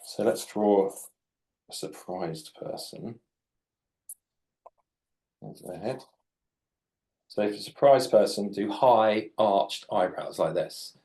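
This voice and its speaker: A man's voice: on the low side, slow, pauses often, mellow. Chatty man drawing for kids. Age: late 40s. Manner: chatty, jokey, explains while drawing. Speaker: children's author and illustrator. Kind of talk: live drawing demonstration for children.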